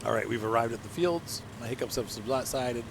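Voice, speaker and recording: A man's voice: mid-range voice, fairly quick, gravelly, very noisy. A man giving casual, self-mocking commentary while playing a farming game, chatting and laughing at his own mistakes. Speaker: let's play host.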